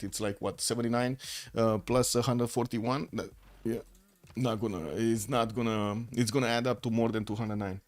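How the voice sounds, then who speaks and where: Man casting a strategy game live. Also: mid-range voice. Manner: thinking aloud with frequent fillers and restarts. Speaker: esports caster.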